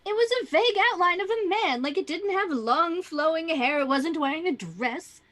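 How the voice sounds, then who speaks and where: A woman's voice: very high-pitched, animated, moderate pace, fairly bright tone. A woman voicing a flustered, rambling female townsperson who witnessed an attack, in a tabletop game. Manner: flustered, repetitive, dramatic.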